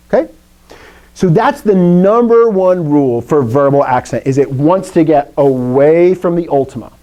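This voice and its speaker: At normal speed, a male Greek teacher runs a live lesson, his voice mellow, warm, and highly varied in pitch. He animatedly and playfully keeps questioning his class over a rough recording.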